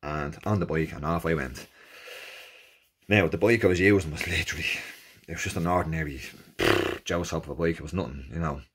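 A man with an Irish accent casually recounting his first endurance race, animated and jokey, acting out the people he met. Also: a bass voice, brisk, pauses often, breathy edge. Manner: animated, jokey, acts out quoted exchanges in raised voices. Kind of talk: casual storytelling.

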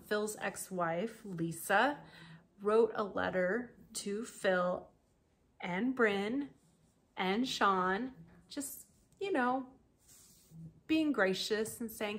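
Chatty woman podcaster telling a true crime story, lots of asides and laughs, middle-pitched voice. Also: very slow, a bit bright. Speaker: podcast host.

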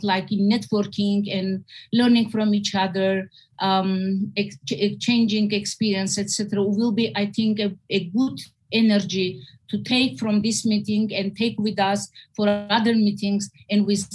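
Woman, social work leader, earnest and emotional, hunts for words, mid-pitched voice. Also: a little mellow, low-quality recording. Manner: earnest, emotional, searching for words in a second language.

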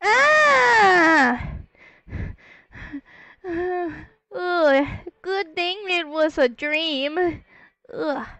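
A woman voicing a scared young colt who stammers and pleads in a high, tearful voice in an amateur fan audio drama. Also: fairly even intonation, extremely slow, no room sound, full character voice. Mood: frightened.

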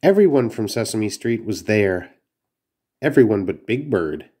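A man's voice: fairly low pitch, lively intonation, a little slow, mellow, slightly rough. A man reading a children's storybook aloud, carefully, with small slips and restarts. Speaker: narrator.

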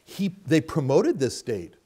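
Animated middle-aged male preacher. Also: a little high, unhurried, slightly rough. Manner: animated, dramatic delivery with quoted voices and rhetorical questions. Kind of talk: Bible teaching sermon. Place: church chapel.

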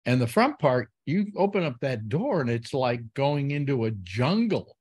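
A man's voice: medium pitch, sing-song, moderate pace, darkish tone, breathy edge. A man hosting a casual call-in show, talking in a rambling way with many fillers and restarts. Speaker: host.

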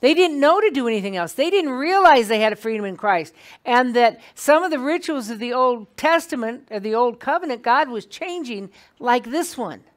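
A woman leads an evening Bible class in a meeting room, her voice sitting fairly high. She teaches in a chatty, animated way, often stopping to put questions to the group in front of her.

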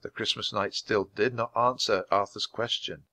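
A man reading a children's storybook aloud at a steady, clear pace for English learners. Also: on the low side, normal speed, dry recording. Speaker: storybook reader. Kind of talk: scripted narration for English learners.

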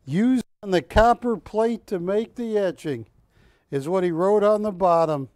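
Here a shopping channel host sells art live, his high-pitched voice moving at a measured pace without any echo. He's animated and jokey, chatting freely and poking fun at his co-hosts during the pitch.

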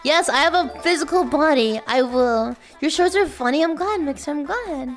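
A woman streamer with a high voice that leaps all over the place. She chats casually and playfully with her viewers and often bursts into shouts and laughs. Faint music plays underneath. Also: lively intonation, moderate pace. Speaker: livestreamer. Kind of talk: casual livestream chat greeting viewers.

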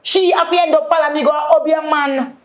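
A Jamaican woman, her voice sitting a little high, gives a heartfelt testimony in thick patois. She often draws out her words slowly and calls out to her listeners as people of faith. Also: fairly even intonation, highs cut off. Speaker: guest. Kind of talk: emotional testimony.

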